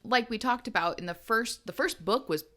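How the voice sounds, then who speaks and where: A woman's voice: on the high side, moderate pace, bright, forceful tone. A woman co-hosting a podcast in casual chat, talking in a chatty, rambling way and laughing often. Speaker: podcast co-host. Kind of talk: casual book-club chat.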